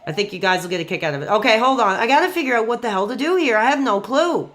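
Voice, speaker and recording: Gaming live, a man in his forties keeps up a casual, rambling chatter, excitable and fast to get worked up. His pitch is extremely high.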